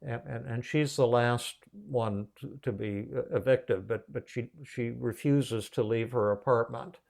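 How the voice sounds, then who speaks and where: Creaky-voiced male podcast host. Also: mid-range voice. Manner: animated, halting with restarts. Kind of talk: casual storytelling in a podcast.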